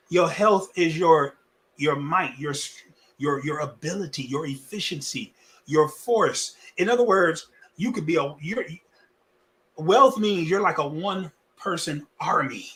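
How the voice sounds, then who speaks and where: Male pastor, animated sermon, somewhat high voice, folksy and repetitive, moving between loud and hushed. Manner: lively preaching with wide swings between loud and hushed.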